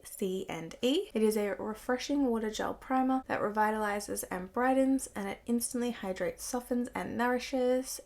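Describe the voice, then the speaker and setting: Congested, croaky young woman vlogging. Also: medium pitch. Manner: chatty, fills speech with "like". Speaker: beauty vlogger. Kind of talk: casual chat to camera. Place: her bedroom.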